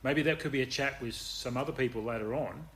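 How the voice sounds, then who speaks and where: A man's voice: mid-range voice, a little fast, a bit bright, slight background noise. A man co-hosting a podcast, joking around and often cutting in to say hang on. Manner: jokey, keeps cutting in with "hang on". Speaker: podcast co-host. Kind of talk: casual banter.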